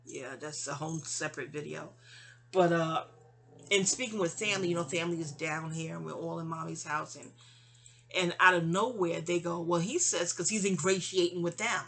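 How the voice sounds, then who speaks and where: A woman's voice: fairly low pitch, moderate pace, gravelly, fairly bright tone. A woman telling a personal story in a rambling, chatty way, acting out what people said to her. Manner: rambling, chatty, acts out quoted dialogue. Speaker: vlogger. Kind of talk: casual storytelling vent. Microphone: audio-only home recording.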